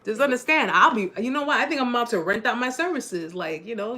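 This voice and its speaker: A woman's voice: a little high, lively intonation, quick pace, few pauses, noisy background. A woman in her forties hosting a casual live-stream chat, bubbly and joking, laughing often. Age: 40s.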